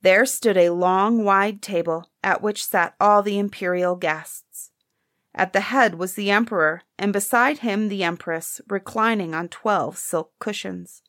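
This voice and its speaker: A woman narrates a fairy tale in an even, expressive reading voice. She takes her time with every phrase. The recording is close and dry, with no room around it. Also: medium pitch, no echo. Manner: measured, expressive storybook reading. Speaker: storyteller.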